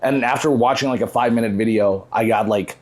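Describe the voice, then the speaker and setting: A man's voice: mid-range voice, fast, darkish tone. A young man hosting a casual podcast, joking loosely, swearing and laughing often. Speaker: podcast host.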